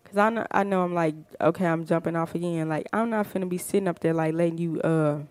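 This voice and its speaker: A woman's voice: on the low side, steady tone, fast, darkish tone, smooth, no room sound. A woman hosting a podcast, talking in a fired-up, emphatic casual monologue full of rhetorical questions. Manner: fired-up, emphatic, frequent "you know what I'm saying". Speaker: podcast host.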